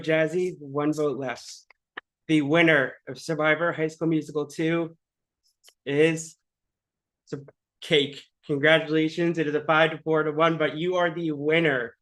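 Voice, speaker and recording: A man hosting an online game finale, reading out votes in a steady, measured way with casual fillers. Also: a little high.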